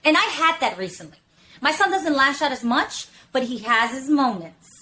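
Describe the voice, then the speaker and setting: A woman's voice: high voice, lively intonation, moderate pace, bright, forceful tone, poor audio. A woman talking candidly on a podcast, emphatic and swearing freely, leaning on fillers like "literally" and "you know what I'm saying". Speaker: podcast talker. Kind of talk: casual podcast discussion.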